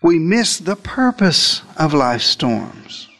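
A man preaches in a high, light voice, telling the story as if he were one of the disciples. He swings between loud, emphatic lines and hushed asides. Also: very animated, slow. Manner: dramatic storytelling, speaking as a disciple. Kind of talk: sermon.

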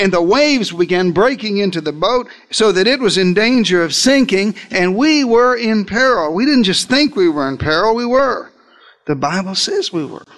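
A man preaching a sermon, retelling a story in the first person with dramatic swings between loud emphasis and quiet asides. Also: sits high. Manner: dramatic storytelling, speaking as a disciple.

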